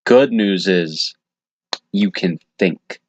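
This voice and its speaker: A man's voice: deep voice, extremely slow, a little mellow, slightly rough, dry recording, muffled recording. A young man co-hosting a casual podcast, laid-back, swearing and laughing a lot. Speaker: podcast co-host. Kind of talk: casual chat.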